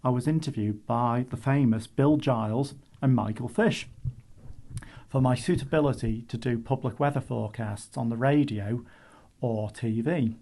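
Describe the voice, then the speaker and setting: A Manx man in his sixties from the Isle of Man, a meteorologist who is retiring, tells humorous stories in a chatty radio interview. His voice is medium-pitched and dark, at a moderate pace.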